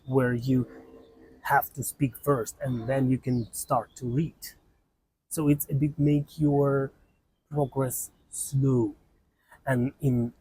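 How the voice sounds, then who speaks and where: A language teacher gives an unhurried online lesson in a deeply husky, warm voice, speaking English with non-native grammar. The recording is dry and close, with no room sound. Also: no echo, low-quality recording. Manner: sounds out letters and syllables slowly, checks in with "right?".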